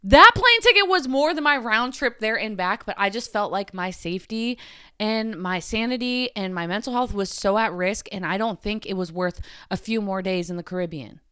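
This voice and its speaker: A woman's voice: medium pitch, animated, normal speed, pushed and bright, smooth, no echo, clean studio sound. A young woman hosting a podcast, talking through something that upset her, repeating herself, her voice rising and falling sharply. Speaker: podcast host. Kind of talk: emotional personal monologue.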